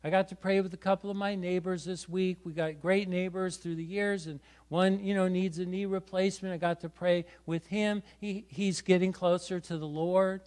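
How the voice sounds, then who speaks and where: In a church sanctuary, a middle-aged pastor preaches a sermon, exhorting, repeating words and often adding "right?". His voice sits high with a darkish, steady tone, at a moderate pace with few pauses.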